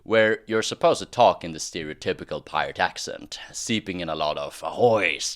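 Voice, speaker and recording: A man's voice: deep voice, normal speed, hardly any pauses, no room sound, studio quality. A man hosting a history explainer, talking in a casual, wry way with the odd "uh". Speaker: history channel host. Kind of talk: explainer narration.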